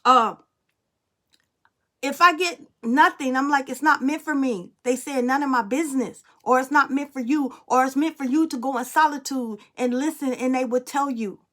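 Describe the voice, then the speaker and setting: A high-pitched woman talks casually as a tarot reader and medium. She is blunt and emphatic, and drops swear words freely. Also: normal speed, fairly bright tone. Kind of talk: casual spiritual storytelling and tarot reading.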